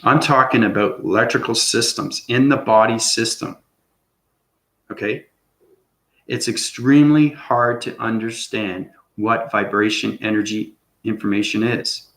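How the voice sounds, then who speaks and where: As channel host, a man gives an unscripted, rambling spiritual monologue, often tagging his lines with "okay?". His fairly low voice is a bit bright, with fairly even intonation and an unhurried pace, in an echoey room.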